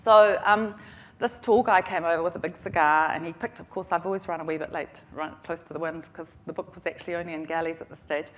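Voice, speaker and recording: A middle-aged woman with a New Zealand accent tells her story to a conference audience in a slightly low voice. She talks in a chatty, anecdotal way, poking gentle fun at herself as she goes. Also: fairly even intonation, fast talker. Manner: chatty, self-deprecating, humorous. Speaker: conference speaker. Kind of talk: storytelling business talk.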